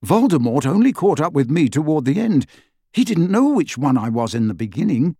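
A man's voice: fairly high pitch, very animated, fairly quick, mellow, slightly rough, no room sound, clean studio sound, pitched above the performer's own voice, exaggerated voice. A man voicing an earnest teenage boy who talks hesitantly.

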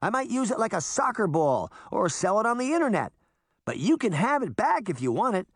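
A man voicing a sharp, bossy young girl who scolds and taunts. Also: mid-range voice, very animated, moderate pace, no room sound, clean studio sound, pitched above the performer's own voice. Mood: taunting. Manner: impatient, scolding.

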